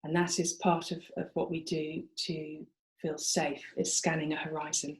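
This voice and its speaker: This woman has a low voice and a flat delivery at normal speed. She's a therapist giving an informal teaching talk to other practitioners on treatment techniques, building her points conversationally along the way.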